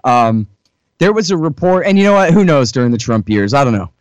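A man's voice: mid-range voice, big pitch swings, a little fast, no room sound. A man talking politics as a guest, emphatic and mocking. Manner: emphatic, mocking, acts out quoted voices. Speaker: guest commentator. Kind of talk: casual political talk.

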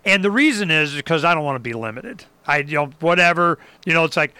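High, bright, animated storytelling man. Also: quick pace, few pauses, smooth, no room sound. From Arizona. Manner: animated storyteller, acts out others and whoops. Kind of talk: casual political talk.

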